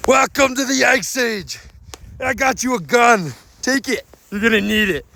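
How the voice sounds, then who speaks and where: A young man in a homemade student skit, playing a bossy adult male safari guide who gives shouty, stern warnings. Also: extremely high pitch, animated, unhurried, gravelly, pitched above the performer's own voice, exaggerated voice.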